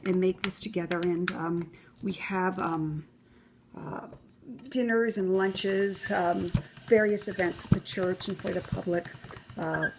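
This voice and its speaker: A woman's voice: lowish voice, steady tone, a little slow, noisy background. Chatty middle-aged woman teaching a recipe. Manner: chatty and rambling, with many fillers. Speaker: home cook demonstrating a recipe. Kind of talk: casual cooking demonstration. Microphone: camera mic, filmed by her son.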